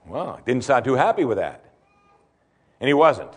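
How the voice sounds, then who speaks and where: Animated male pastor preaching a sermon. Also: mid-range voice, unhurried, husky. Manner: rhetorical questions, repeats key points for emphasis. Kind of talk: expository sermon.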